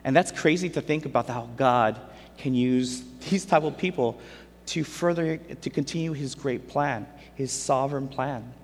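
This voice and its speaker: A man's voice: mid-range voice, normal speed, slight background noise. A man preaching a casual sermon, retelling scripture in everyday, conversational speech. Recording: long hall reverb.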